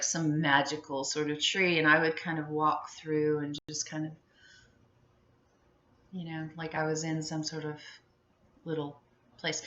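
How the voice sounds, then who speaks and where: A woman's voice: sits low, sharp tone, muffled recording. Giggly woman rambling in an echoey room. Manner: chatty, giggly, many fillers and restarts. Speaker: vlogger. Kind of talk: casual rambling monologue.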